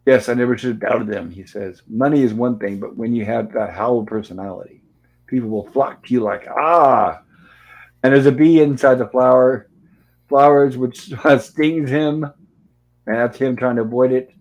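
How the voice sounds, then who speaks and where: A man's voice: mid-range voice, fairly quick, a little mellow, highs cut off. Casual man recapping old TV episodes. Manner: retells scenes, reading character lines aloud, with dry asides. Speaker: show host reviewing old TV episodes.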